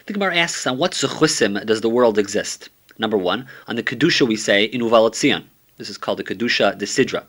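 A man's voice: lowish voice, expressive, fast, a bit bright. A man teaching a summary of a Talmud page, reading steadily and using many Hebrew and Aramaic terms.

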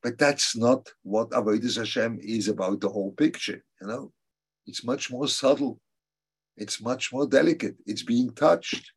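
A man teaching a religious class, answering students' questions in a halting, thoughtful way and repeating key phrases for emphasis. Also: mid-range voice, slightly rough.

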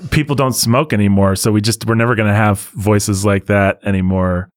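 Chatty rambling man, low voice. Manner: rambling, animated, quick to laugh. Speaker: podcast co-host reviewing a movie. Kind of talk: casual chat.

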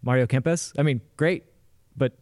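A man's voice: medium pitch, measured pace, darkish tone, no room sound, studio quality. A man co-hosting a casual sports podcast, wry and hesitant, with frequent restarts. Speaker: podcast co-host.

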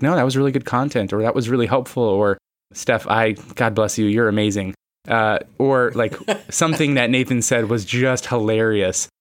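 A man's voice: fairly low pitch, no room sound, studio quality. A man co-hosting a podcast, a therapist reflecting earnestly on his work with some playful teasing. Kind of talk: casual chat.

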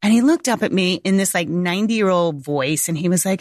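A woman's voice: lowish voice, fairly quick, few pauses, darkish tone, dry recording. A woman in her forties, a homeschooling mother, telling a personal story to viewers in a candid, casual way, close to tears, swearing and laughing often.

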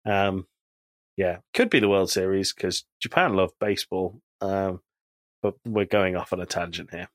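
A man's voice: deep voice, normal speed, no room sound. A man co-hosting a podcast in casual chat, animatedly retelling TV scenes and quoting characters. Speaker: podcast co-host.

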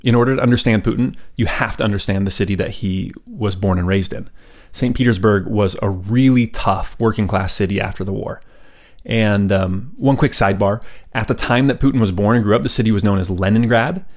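A man's voice: fairly low pitch, a little fast, a little mellow. A man hosting a podcast, telling a history story in a casual, chatty way with asides and fillers. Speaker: podcast host.

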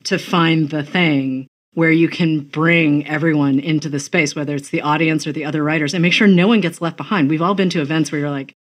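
Chatty lady host from massachusetts, kinda low voice, lots of quick asides. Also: steady tone. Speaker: podcast host. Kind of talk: casual interview chat.

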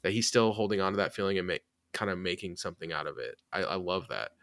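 Lively low-voiced man, crisp dry sound. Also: quick pace, no room sound. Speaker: podcast host. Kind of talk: casual sports chat.

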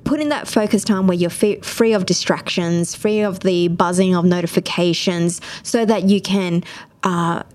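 A woman asking thoughtful, measured questions as the interviewer on a work podcast. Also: fairly low pitch, darkish tone. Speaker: interviewer, operations director.

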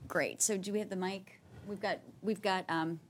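A woman's voice: mid-range voice, fairly even intonation, normal speed. A woman moderating a conference conversation, polite and encouraging as she hands over to audience questions.

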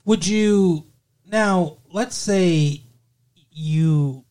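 A man's voice: high voice, very slow, a little mellow. Wry joking man podcast co-host. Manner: joking, wry, swears casually. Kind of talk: casual chat recapping a TV episode.

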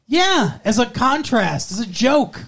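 A man co-hosting a podcast, chatting casually and sarcastically about a TV episode, with plenty of swearing and deadpan asides. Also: very high-pitched, takes it slowly, creaky, breathy edge. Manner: sarcastic, profane, quotes characters in flat asides. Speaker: podcast co-host. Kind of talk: casual chat recapping a TV episode.

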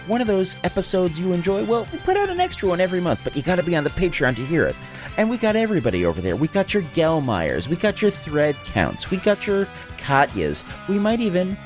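A man doing an overeager, comic ad read as the show's producer. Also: on the high side. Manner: overeager salesman patter. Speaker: producer, show host.

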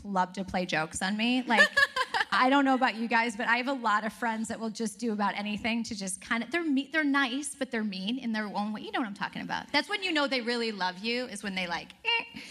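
A woman speaking on a stage before a live audience, telling animated stories and laughing as she talks to the crowd. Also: fairly high pitch, a little fast.

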